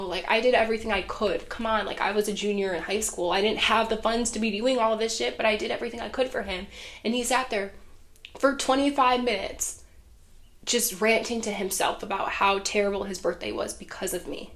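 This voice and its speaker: A young woman vlogger telling a personal storytime about a past relationship, candid and emotional, swearing freely. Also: medium pitch. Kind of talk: storytime vlog.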